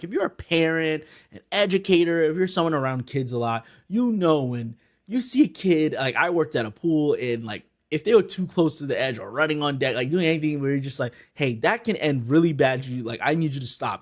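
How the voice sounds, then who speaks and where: A man giving a casual spoken film review, earnestly retelling the scenes with lots of filler words. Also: mid-range voice.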